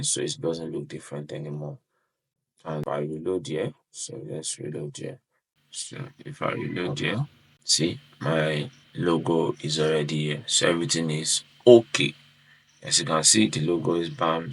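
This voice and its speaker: A man walks through a screen-share tutorial in a loose, rambling way, stringing every step together with "so" and quick apologies. His voice sits extremely low, with a rough, gravelly texture and a husky edge. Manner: rambling, starts most phrases with "so", apologizes often while clicking. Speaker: web design tutorial host. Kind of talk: casual screen-share walkthrough.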